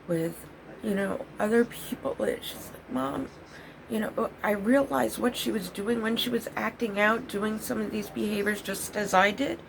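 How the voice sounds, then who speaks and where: Earnest gravelly-voiced middle-aged woman. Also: medium pitch, noisy background. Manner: earnest, intense, speaks candidly with many restarts. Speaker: recovery vlogger. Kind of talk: emotional personal talk to viewers.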